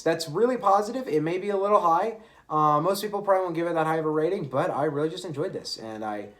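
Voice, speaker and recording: A man casually reviewing an album, opinionated and chatty, often correcting himself mid-sentence. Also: mid-range voice. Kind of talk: casual music review monologue.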